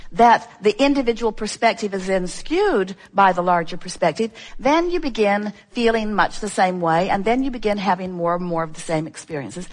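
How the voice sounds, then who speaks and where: A woman speaking to a workshop audience in a mid-pitched voice. She calls herself "we" and asks question after question. She presses her point by repeating the same phrase again and again. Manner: strings together rhetorical questions. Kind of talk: inspirational workshop talk to an audience.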